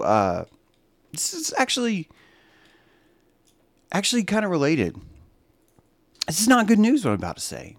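A man hosting a live stream in a loose, rambling monologue, his slightly high voice leaping all over the place as he moves from muttered asides to sarcastic outbursts. The sound is dry and close, with no room around it. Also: moderate pace, pauses often, dry recording. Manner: animated, sarcastic, swings from mutters to exclamations.

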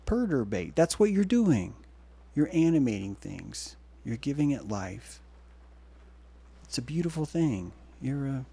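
A man hosting a livestream, talking in a meandering, excitable way that swings between loud bursts and hushed asides. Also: on the high side, dry recording. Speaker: livestream host. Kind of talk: rambling livestream monologue.

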